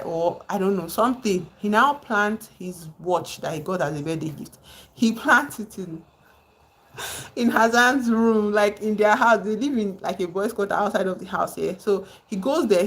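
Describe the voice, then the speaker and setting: A woman live streaming, casually retelling a novel and breaking off to greet viewers in the chat. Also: medium pitch. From Nigeria.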